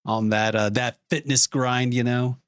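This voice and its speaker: A man streams while drawing storyboards, chatting in a rambling way, laughing often and saying "like" a lot. His mid-range voice is fairly bright, clear, and resonant, with fairly even intonation and a slightly slow pace, recorded dry with clean studio sound.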